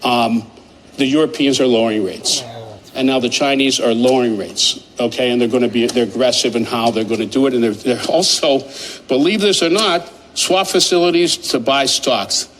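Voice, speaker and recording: A man analyzing markets in conversation, talking in an animated, emphatic and rambling way. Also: mid-range voice, normal speed, a little hiss or hum, low-quality recording. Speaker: market commentator.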